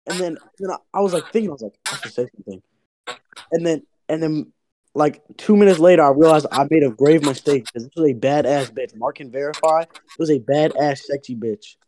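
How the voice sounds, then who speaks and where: High-pitched young man, animated storyteller, crude jokes, podcast co-host. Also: slight background noise. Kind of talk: casual chat.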